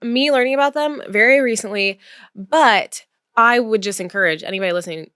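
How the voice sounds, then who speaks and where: A woman's voice: a little high, fairly quick, a bit bright, smooth, no room sound, clean studio sound. A woman hosting a podcast, chatting casually and encouraging her guest. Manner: encouraging, affirming listener. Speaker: podcast host. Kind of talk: casual interview chat.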